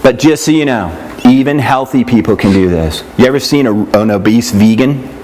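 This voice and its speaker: A man's voice: medium pitch, animated, a little fast, a little mellow, slight background noise. A man teaching a nutrition class in a casual, conversational way, often checking in with "right?" and "yeah?" and acting out what other people say. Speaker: nutrition instructor.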